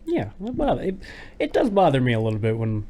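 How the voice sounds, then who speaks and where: A man's voice: medium pitch, wildly swooping pitch, fairly quick, dark tone. An American man co-hosting a casual podcast, musing in a self-deprecating, conversational way. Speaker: podcast co-host.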